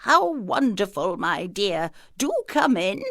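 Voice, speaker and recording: A woman voicing a sneaky male wolf who puts on a falsely sweet, croaking voice to pass as a grandma in a storybook reading. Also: medium pitch, big pitch swings, takes it slowly, fairly bright tone, no echo, studio quality, exaggerated voice.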